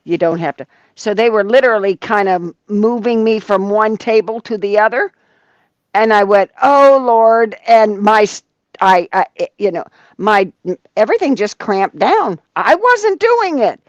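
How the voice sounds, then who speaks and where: A woman's voice: medium pitch, moderate pace, dry recording, lo-fi sound. A middle-aged woman hosting a casual chat, telling stories with acted-out quotes and frequent laughter. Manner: animated storyteller, acts out quotes, laughs often. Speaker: leatherworking livestream host.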